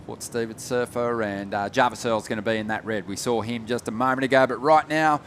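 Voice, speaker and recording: An Australian man doing live play-by-play surf commentary, steady and informative with friendly banter. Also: mid-range voice, a little fast, slight background noise.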